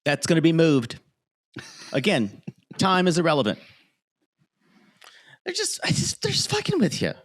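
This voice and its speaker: A man's voice: wildly swooping pitch, a little slow, long pauses. A man in his forties co-hosting a podcast in casual chat, joking with a sarcastic edge. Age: 40s. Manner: sarcastic, joking, swings pitch a lot. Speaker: podcast co-host.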